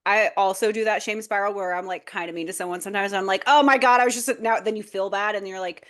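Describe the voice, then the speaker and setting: A woman in a medium-pitched voice co-hosts a book podcast. She chimes in with enthusiasm and agrees readily. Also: steady tone, a bit bright. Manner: enthusiastic, quick to agree and laugh along. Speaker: podcast co-host. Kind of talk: casual podcast interview.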